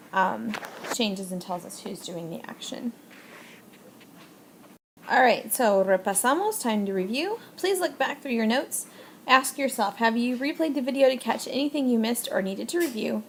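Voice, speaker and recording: A woman's voice: a little high, slight background noise. A woman teacher explaining Spanish verb endings step by step in a recorded video lesson, patient and plain, with frequent fillers.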